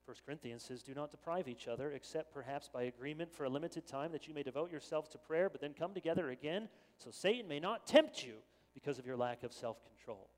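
A middle-aged man preaching a sermon as pastor, earnest and animated, with quick stammered restarts. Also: on the high side. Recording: long reverb of a church hall.

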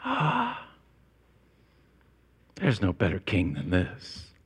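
A man preaching a sermon as pastor, climbing to emphatic high peaks and then dropping low and quiet. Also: huge pitch swings, very slow, slightly rough. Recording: long reverb of a large hall.

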